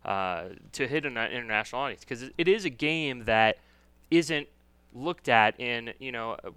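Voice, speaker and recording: A man's voice: mid-range voice, lively intonation, normal speed, bright, forceful tone, smooth, no room sound. A man hosting an interview, chatty and asking lots of questions with frequent restarts. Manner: chatty, asks many questions, restarts a lot. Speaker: podcast host. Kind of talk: casual interview chat.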